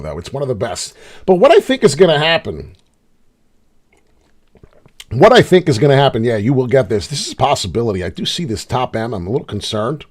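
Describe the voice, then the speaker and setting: A middle-aged man talks through his trades live in a loose, unscripted way. He swears freely and bounces between loud, exasperated outbursts and low, muttered grumbles. His pitch swings widely from line to line. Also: husky. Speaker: crypto trading channel host. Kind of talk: live casual trading commentary.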